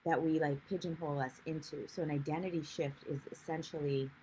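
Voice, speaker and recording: A woman's voice: sits low, fairly even intonation, a little fast, warm tone, a little hiss or hum, poor audio. A woman life coach giving a chatty, rambling livestream talk and greeting viewers as she goes. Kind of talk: live-streamed coaching talk.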